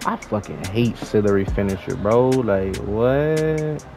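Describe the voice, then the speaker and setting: A young man giving slangy, excitable trash-talk commentary over his own basketball video game play. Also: on the low side, slow, vocal fry, music in the background, poor audio. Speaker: gaming YouTuber. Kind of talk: live gameplay commentary.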